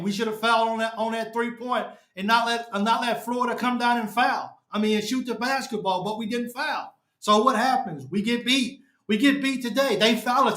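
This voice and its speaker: Frustrated high-voiced man ranting. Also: sharp tone. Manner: frustrated, repetitive, keeps saying "man". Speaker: fan show host. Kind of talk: post-game fan rant. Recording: echoey room.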